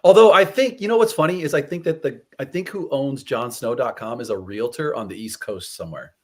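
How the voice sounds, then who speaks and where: A man's voice: mid-range voice, brisk. Joking upbeat man guest. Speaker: podcast guest, actor. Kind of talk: casual interview chat.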